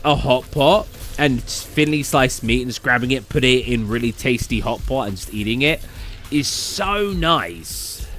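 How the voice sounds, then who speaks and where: Man, southern English accent, gaming streamer, rambling chatty talk, lively swinging pitch, faint music behind. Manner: rambling, chatty, answers chat. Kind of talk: casual livestream chat.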